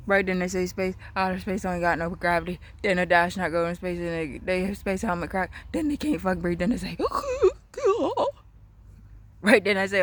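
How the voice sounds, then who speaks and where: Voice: medium pitch, animated, moderate pace, fairly bright tone. A vlogger talking in a casual, rambling, repetitive monologue outdoors in a backyard. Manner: rambling, repetitive, free-associating.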